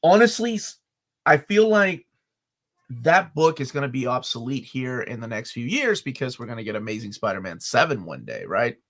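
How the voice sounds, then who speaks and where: A man from Peru co-hosts a relaxed live stream. He talks in an animated way with a middle-pitched voice that rises and falls a lot, and he laughs easily while riffing on viewers' comments. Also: moderate pace. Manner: animated, laughs often, jumps between chat comments. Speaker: co-host. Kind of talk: casual live-stream chat.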